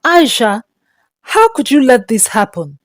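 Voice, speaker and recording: A woman's voice: a little high, big pitch swings, a little slow, no room sound, clean studio sound. A woman voicing an anguished young father who confronts his wife, with a trembling, reproachful delivery.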